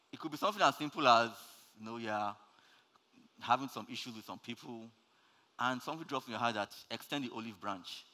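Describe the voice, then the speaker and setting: A male preacher delivers a sermon with a bright, forceful tone of middle pitch. He swings from loud, rising calls to soft, low asides. His voice rings out with a long reverb, as in a large church hall.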